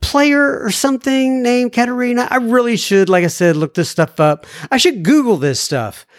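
A man's voice: very high voice, normal speed, no room sound, studio quality. Jokey man hosting a podcast, slight Southern lilt. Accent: slight Southern American. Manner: lively, jokey, animated when reading, turns somber. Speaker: podcast host reading listener mail. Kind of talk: casual podcast chat.

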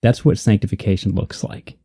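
A podcast co-host talks through his faith in a casual discussion, earnest and reflective, circling back to repeat key points for emphasis. His voice is low, deeply mellow, husky and steady, moving a little fast. The sound is dry and close, with no room sound.

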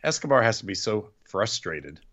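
A man's voice: fairly low pitch, sing-song, normal speed, fairly bright tone. A man co-hosting a podcast, recapping wrestling shows in casual chat with a sarcastic, play-by-play manner. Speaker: podcast co-host. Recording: dull lo-fi podcast audio.

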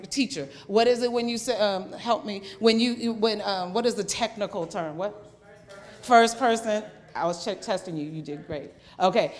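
A middle-aged woman pastor delivering a sermon, animated and conversational, acting out quotes and often restarting her sentences. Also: fairly high pitch. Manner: animated preaching with acted-out quotes and frequent restarts.

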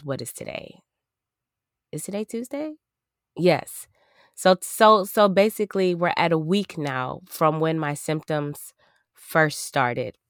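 Hoarse lady chatting slow on her podcast, low smooth voice. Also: no echo, clean studio sound. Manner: chatty, repeats herself, laughs between thoughts. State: hoarse, voice nearly gone from coughing. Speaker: podcast host. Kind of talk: casual podcast monologue.

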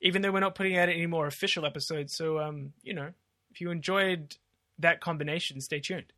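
Laughing, bright-toned man. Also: fairly high pitch, steady tone, brisk. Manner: laughing often, blunt and sweary. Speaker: podcast co-host. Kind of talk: casual chat.

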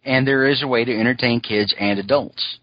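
A man's voice: medium pitch, fairly even intonation, brisk, no echo, dull audio. A man co-hosting a podcast, chatting casually and rambling, with lots of "you know" asides. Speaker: podcast co-host. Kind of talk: casual chat.

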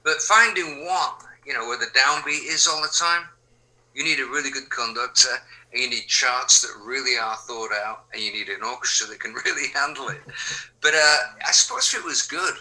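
An older man from England, a musician answering interview questions in a relaxed, rambling way, full of fillers and restarts. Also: mid-range voice, moderate pace, low-quality recording. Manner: rambling, frequent fillers and restarts, drops to quiet asides. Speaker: musician guest.

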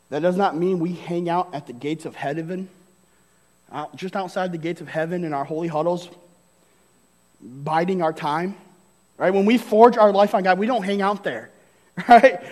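A man's voice: high voice, big-room sound. A man preaching a sermon as pastor, emphatic and punctuated with "right?" and short laughs. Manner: emphatic, frequent "right?" tag questions, laughs between points. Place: church hall.

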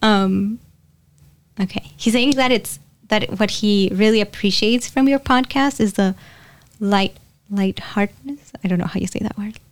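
A woman's voice: medium pitch, measured pace, no echo. Giggly woman medium rambling along with lots of ums and likes, dry close sound, mid voice. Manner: chatty, giggly, rambling with many fillers. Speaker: spiritual medium. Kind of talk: casual channeling session.

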